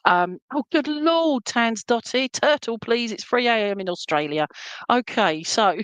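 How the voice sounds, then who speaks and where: A woman's voice: mid-range voice, expressive, moderate pace, fairly bright tone, clear, resonant tone, no echo, low-quality recording. A middle-aged woman, giving a live psychic reading. She relays messages in a chatty way and keeps checking in with "okay?" and "all right?". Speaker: psychic medium.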